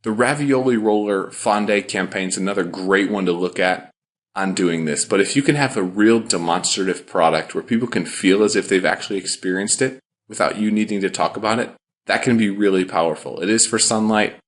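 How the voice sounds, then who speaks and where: A man hosting a podcast, giving upbeat, enthusiastic commentary in a quick, rapid-fire delivery. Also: sits low. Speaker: podcast host.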